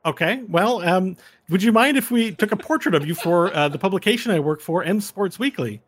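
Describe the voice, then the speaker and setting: A man doing a fussy, squeaky halfling reporter. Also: lively intonation, fairly quick, no room sound. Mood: eager. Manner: polite, eager, high-pitched.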